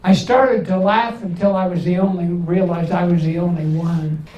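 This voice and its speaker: An older man doing a stand-up comedy set, delivering one-liners with pauses before each punchline. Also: high-pitched, fairly even intonation, a little mellow, dull audio. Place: large indoor event hall. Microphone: distant camera from the back of the room. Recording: echoey hall, from far off.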